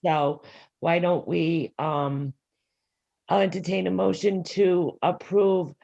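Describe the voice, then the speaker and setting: A woman who is the council president, chairing a meeting in a brisk, procedural way with frequent fillers. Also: fairly low pitch, fairly even intonation, gravelly, mellow. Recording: lo-fi meeting audio.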